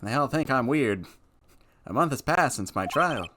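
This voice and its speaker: A man's voice: medium pitch, lively intonation, normal speed, fairly bright tone, a little hiss or hum. A man doing a dramatic reading of a video game, with wry, playful asides, over game music. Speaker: reader voicing a game.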